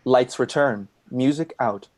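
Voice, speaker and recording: A man's voice: mid-range voice, a little slow. Man reading stage directions plainly. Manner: plain, even announcing. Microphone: video call.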